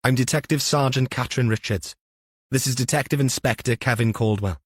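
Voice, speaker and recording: A man reading the lines of a brisk, businesslike female detective sergeant in a matter-of-fact way. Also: medium pitch, breathy edge, no room sound, clean studio sound, voice pushed up, natural voice.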